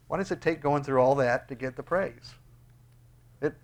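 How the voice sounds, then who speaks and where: Preaching as a pastor, this man reads a scripture passage and finishes with prayer. He moves between booming, high outbursts and soft, low-voiced remarks, talking at a slightly quick clip.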